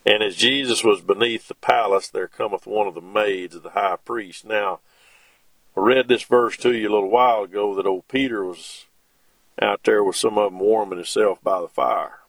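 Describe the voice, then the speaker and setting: A middle-aged man, preaching a sermon in a slow, folksy way with homespun asides between scripture readings. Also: lowish voice, a bit bright, no room sound.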